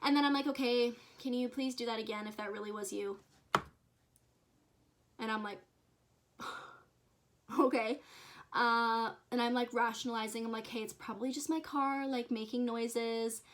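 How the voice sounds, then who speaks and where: A young adult woman telling a spooky personal story to camera in an excitable, chatty way, full of fillers and asides to viewers. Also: fairly high pitch, moderate pace, pauses often. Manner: excitable, chatty, lots of "like" and "you guys". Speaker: vlogger and dance teacher.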